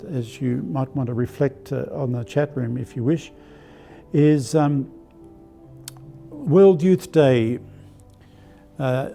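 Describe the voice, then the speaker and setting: An older Australian archbishop telling personal stories in a live-streamed spiritual talk, with a gentle anecdotal manner and many fillers. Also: male voice, medium pitch. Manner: warm anecdotal, hesitant with fillers.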